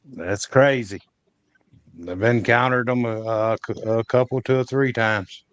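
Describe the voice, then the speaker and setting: A man's voice: mid-range voice, steady tone, unhurried, a bit bright, muffled recording. A man casually telling a long encounter story as a podcast guest, in a folksy, rambling way with rural grammar and frequent restarts.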